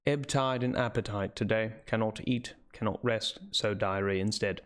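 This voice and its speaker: A man voicing a brooding Victorian asylum doctor dictating his diary, measured and clinical. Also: lowish voice, steady tone, clean tone, close to an everyday voice. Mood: gloomy.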